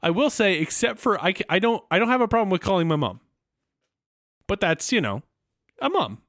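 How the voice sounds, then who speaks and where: A man co-hosting a podcast in casual chat, enthusiastic and quick to laugh. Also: sits high, very animated, fairly bright tone, no room sound, clean studio sound. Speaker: podcast co-host.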